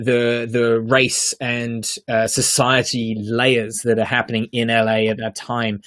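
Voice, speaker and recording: On his podcast, a man with a medium-pitched voice talks through his take on a TV show. The chat is relaxed but he sounds sincere and forceful, often restarting sentences and leaning on filler words.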